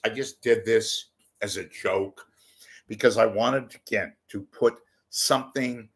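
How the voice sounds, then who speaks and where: A man talking into the camera in a rambling, jokey commentary, swearing and drifting between asides. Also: on the low side. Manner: jokey, digressive, swearing, bursts into silly voices. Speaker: commentary vlogger. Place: home room with TV monitor behind.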